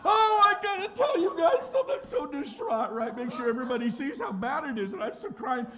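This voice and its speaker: A man voicing a whiny, complaining man who cries loudly for attention in a melodramatic, wailing way. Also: very high-pitched, big pitch swings, normal speed, crowd noise, voice pushed up.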